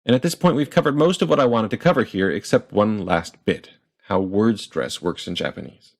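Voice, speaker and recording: A man explaining pronunciation in a clear, methodical lesson and sounding out example words. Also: lowish voice, lively intonation, normal speed. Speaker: language teacher.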